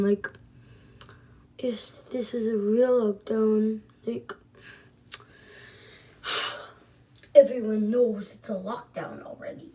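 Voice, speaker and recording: A woman casually telling a story to her viewers while doing her makeup, soft-spoken and rambling with lots of fillers. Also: fairly high pitch, fairly even intonation, slow pace, long pauses. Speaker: vlogger.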